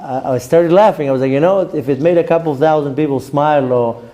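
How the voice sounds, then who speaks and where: A middle-aged rabbi teaches an informal class. His voice sits a bit high but stays warm and mellow, and he keeps it chatty, restarting sentences and slipping into the voices of people he quotes. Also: brisk. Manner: conversational, many fillers and restarts, acts out quoted voices. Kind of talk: informal Torah lecture with personal stories.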